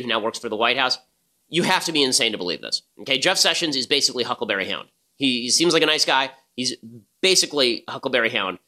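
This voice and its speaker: A man's voice: medium pitch, pushed and bright. A man hosting a political podcast, delivering emphatic, argumentative commentary. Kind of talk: fast opinionated commentary.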